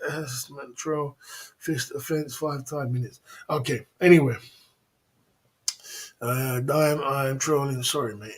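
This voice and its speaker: Guy on a livestream, kinda high voice, rambles stories and laughs a lot, shouts out the chat. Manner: chatty storyteller, laughs often, gives shout-outs to chat. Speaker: livestream host.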